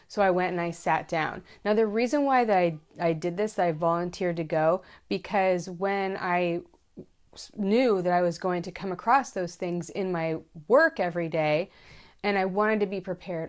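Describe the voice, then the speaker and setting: A woman in her thirties giving safety advice to other moms in a casual, earnest way, repeating her key points for emphasis. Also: fairly low pitch. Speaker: mom vlogger giving safety tips. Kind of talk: casual direct-to-camera advice.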